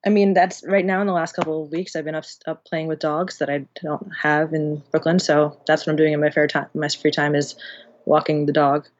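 A woman's voice: low-pitched, flat delivery, fairly quick, dull audio, a little hiss or hum. A woman being interviewed about audiobook engineering, talking in a chatty, rambling way with many restarts. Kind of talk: casual interview chat.

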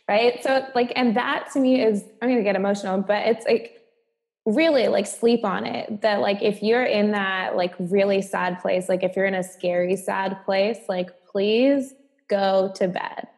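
A woman's voice: medium pitch, steady tone, measured pace, a little mellow. A woman in casual conversation, heartfelt and searching, leaning often on "like" as she talks. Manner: heartfelt, leans on "like" as filler. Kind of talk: casual chat.

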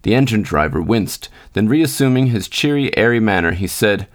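A man with a fairly low voice narrating a literary short story in a steady, unhurried way. He reads as a podcast storyteller, measured and even.

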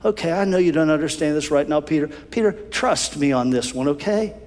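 A man's voice: a little high, brisk, lightly acted. A man voicing Jesus as a patient, reassuring teacher. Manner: calm, reassuring. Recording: long hall reverb.

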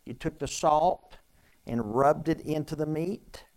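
A pastor preaching a sermon in a conversational way, with repeated phrases and strings of rhetorical questions. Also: male voice, a little high, measured pace, a little mellow, low-quality recording.

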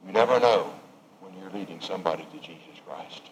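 A man preaching a sermon, swinging from raised emphatic lines to hushed, quiet ones. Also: sits low, a little fast, rough recording.

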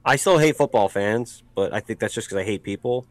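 A man co-hosting a casual podcast, telling a story in a profane, animated way with sudden shouted outbursts. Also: fairly low pitch, fairly quick, no room sound, poor audio. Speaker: podcast co-host.

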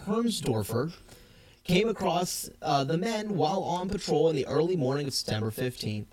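A man co-hosting a podcast who tells stories with animated energy. He laughs often and talks casually, and his voice sits a touch high for a man. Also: moderate pace. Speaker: podcast co-host.

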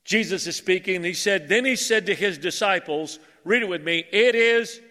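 A male pastor preaching a sermon, animated and joking with his congregation. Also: sits high, moderate pace. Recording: reverberant church hall.

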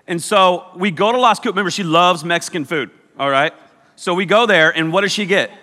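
Lively young preacher joking in a hall. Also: male voice, high-pitched, fairly quick. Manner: joking, animated, teasing the crowd. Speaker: youth pastor. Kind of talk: comedic sermon. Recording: long hall reverb.

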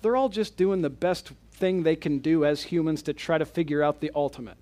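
A man's voice: on the high side, fairly quick. A man, a pastor, giving a teaching sermon, paraphrasing quotes in his own words and checking in with his listeners. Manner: explains and paraphrases quotes in a lively way.

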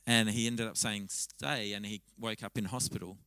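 A man delivers a sermon to a church congregation in a bright, forceful voice. He speaks conversationally and tells stories with animated restarts. The sound is dry and close. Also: fairly low pitch, brisk, no echo, poor audio. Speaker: pastor. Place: church service.

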